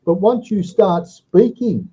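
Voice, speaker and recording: This male English tutor has a high-pitched, expressive voice that's warm and slightly rough, and he talks slowly. Over a video call with dull audio, he teaches an online lesson patiently, tagging his points with "okay?" and "all right?".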